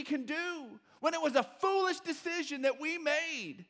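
A middle-aged male pastor preaching a sermon, telling a story with fillers and restarts before he builds to shouted points. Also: extremely high pitch, expressive, unhurried, hardly any pauses, in a large hall. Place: church sanctuary.

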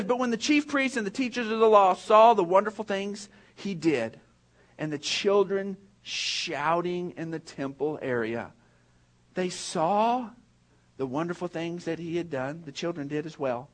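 Guy pastor giving a sermon, kinda high voice, tells stories then gets earnest. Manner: storytelling, humorous and then earnest preaching.

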